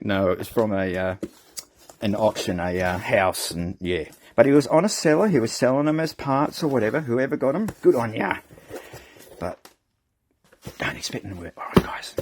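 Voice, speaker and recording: A middle-aged Australian man hosts a casual stream, rambling along and calling his viewers "mate". His voice is gravelly with a husky edge, and it swings lively up and down as he talks. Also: fairly high pitch. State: short of breath. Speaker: channel host. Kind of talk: casual live-stream chat.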